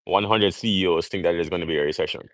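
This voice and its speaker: Hosting a casual livestream, a young man from Jamaica preaches emphatically in a fast monologue packed with rhetorical questions. His voice sits on the low side, and the recording is dry and close, with no echo.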